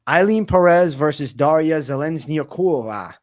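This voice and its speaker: A man's voice: on the high side, lively intonation, normal speed, no echo, studio quality. A man hosting a betting podcast, talking fight picks in a loose, joking, slangy way. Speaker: MMA betting podcast host. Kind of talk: casual fight-picks chat.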